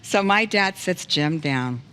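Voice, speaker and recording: A woman hosting a talk show, telling a personal story in an animated, laughing way. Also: on the low side, slow pace, long reverb tail, a little hiss or hum.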